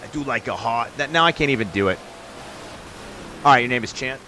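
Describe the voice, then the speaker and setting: A man's voice: mid-range voice, expressive, a little fast, background noise. A man hosting a live stream, chatting with viewers and calling play-by-play on a game. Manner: chatty, upbeat, talks straight to viewers in chat.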